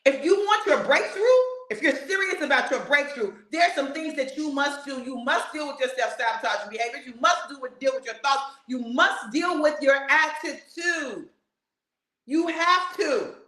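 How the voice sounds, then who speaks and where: A woman preacher, giving a sermon in a fiery, repetitive style, with bursts of shouting and laughter. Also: high voice, normal speed, roomy sound, poor audio.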